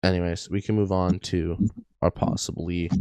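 A man's voice: sits low, level tone, normal speed, warm tone, clear, resonant tone, no room sound. A young man co-hosting a podcast, telling a rambling story in a casual, joking way. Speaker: podcast co-host. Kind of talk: casual chat.

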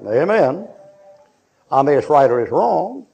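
Gravelly blunt preacher man. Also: a little high, very animated, unhurried, mellow. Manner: blunt, mocking, joking with the congregation. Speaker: pastor. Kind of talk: sermon. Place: church.

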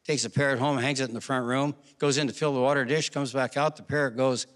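A man telling stand-up jokes on a stage with quick punchlines. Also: medium pitch, a bit bright. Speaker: stand-up comedian. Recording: long hall reverb.

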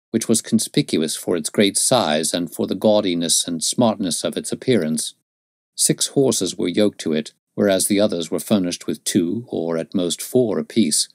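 A man narrating a classic novel as an audiobook, in steady, measured storytelling. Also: deep voice, no room sound, studio quality.

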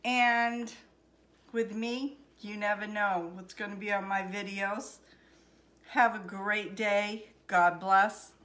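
A woman's voice: medium pitch, steady tone, slow, a bit bright. An older woman with a Maine accent, chatting homespun and friendly while showing how she bakes at home. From Maine, USA. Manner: chatty, homespun, talks to viewers as folks. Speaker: home cooking vlogger. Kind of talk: casual cooking demonstration. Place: home kitchen.

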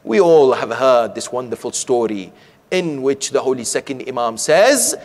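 Here the preacher has a mid-range, darkish voice with lively intonation and a normal speed. The sheikh tells stories and often poses rhetorical questions from the pulpit of a community centre hall, recorded with long hall reverb.

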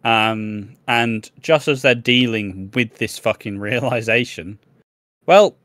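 A man's voice: mid-range voice, fairly bright tone, no echo. A young man hosting a chat show, recapping plot points with jokes and casual swearing. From Britain. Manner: joking, swearing, brisk recapping. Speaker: podcast host.

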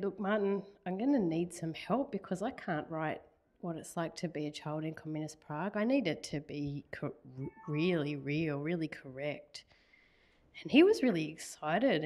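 Low-voiced woman telling a story. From Australia. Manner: animated storyteller, laughs often, acts out quoted messages. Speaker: author guest. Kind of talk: casual conversational interview.

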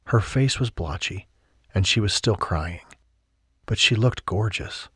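Low, husky male audiobook narrator. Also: expressive, measured pace, fairly bright tone, dry recording, clean studio sound. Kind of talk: scripted narration.

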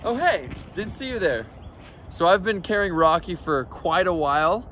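Brief: man vlogger, casual and playful, lively swoops into baby talk for his pet. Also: high voice, moderate pace, background noise.

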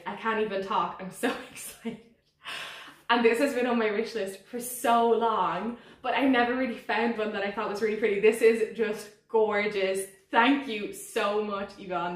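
A woman unboxing plants in a casual vlog, gushing and giddy, sometimes squealing with excitement. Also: medium pitch, normal speed. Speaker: plant vlogger. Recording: echoey room.

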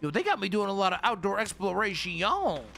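A young man streaming a horror game, swearing, talking to his chat as "gang" and dropping to a hushed whisper when scared. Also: high voice, very animated, a little fast, vocal fry, background noise. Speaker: gaming streamer. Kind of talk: live horror game commentary. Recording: game music audible behind.

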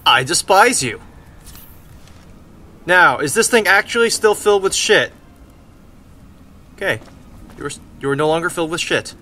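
A young man commenting on a video game he is playing, excitable and swearing, often yelling at the game. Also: fairly high pitch, a little slow, long pauses. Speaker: let's play gamer. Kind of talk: gameplay commentary. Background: game music.

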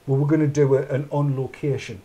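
A man's voice: medium pitch, level tone, a little fast, mellow. A middle-aged man, hosting a casual chat show in a rambling, chatty way and narrating his own actions aloud. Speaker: podcast host.

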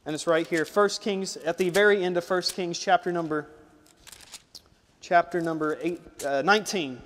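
High-voiced young preacher in a reverberant church. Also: male voice, moderate pace. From United States. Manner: swings from loud preaching to quiet, emotional storytelling. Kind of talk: sermon. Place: church auditorium.

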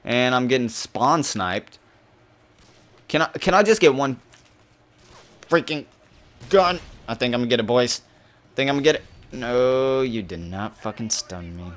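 Young male gaming host, live commentary, mid pitch, frustrated and foul-mouthed. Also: unhurried, pauses often. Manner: frustrated, swearing, swinging between calm and outbursts.

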